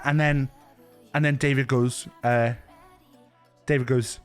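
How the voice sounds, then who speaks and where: A man's voice: medium pitch, fairly even intonation, slow, pauses often, soft background music. A young man with a Welsh accent, telling a rambling story to his stream with frequent restarts and bursts of laughter. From Wales. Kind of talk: casual storytelling chat.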